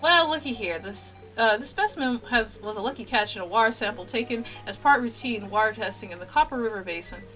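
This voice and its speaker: A woman's voice: fairly high pitch, lively intonation, sharp tone, faint music behind. A woman voicing a cheerful female lab AI assistant who talks in a chipper, clinical way. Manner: chipper, clinical, briskly upbeat.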